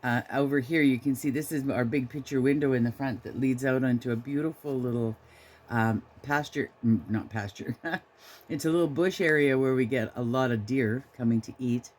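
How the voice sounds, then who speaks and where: An older woman with a bass voice and darkish tone hosts a knitting vlog at a moderate pace, chatting and rambling casually. Now and then she speaks fondly to her dog, filmed on a handheld camera inside a small trailer.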